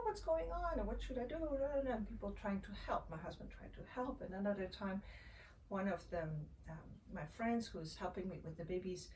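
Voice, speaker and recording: A woman, a mother sharing her own experiences in a gentle, reflective way, often pausing and restarting. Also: medium pitch. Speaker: mother sharing parenting tips. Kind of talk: casual personal storytelling. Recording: voice a little far from the mic, faint ambient noise.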